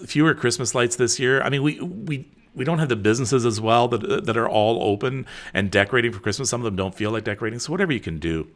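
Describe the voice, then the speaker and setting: Host: middle-aged man, lively swinging delivery, casual live-stream chat, reads comments aloud. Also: on the low side. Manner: animated, chatty, with frequent fillers.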